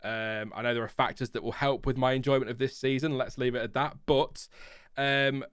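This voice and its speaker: A chatty man hosts a casual live stream, laughing often between viewer messages and press releases. His voice is smooth and clear, recorded close and dry with no room sound. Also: medium pitch, fairly even intonation, normal speed, fairly bright tone, no echo. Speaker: livestream host.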